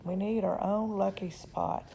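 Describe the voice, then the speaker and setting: A woman's voice: mid-range voice, steady tone, unhurried, vocal fry, dark tone, a little hiss or hum. Woman reading as a wisecracking young girl.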